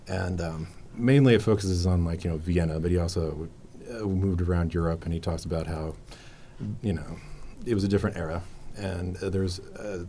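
A man with a very low voice chats casually, rambling and eager, heavy on fillers. A faint hum of the room sits behind him. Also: mellow. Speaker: library podcast host. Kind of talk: casual chat.

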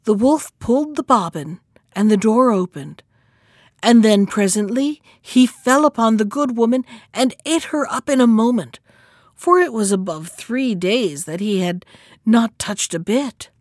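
A woman narrating a fairy tale in scripted storybook narration, expressive and measured. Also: on the high side, no echo, clean studio sound. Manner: expressive, measured reading aloud.

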